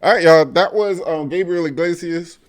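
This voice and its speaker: A man's voice: a little high, moderate pace. A man hosting a reaction video and signing off casually. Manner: casual, relaxed sign-off.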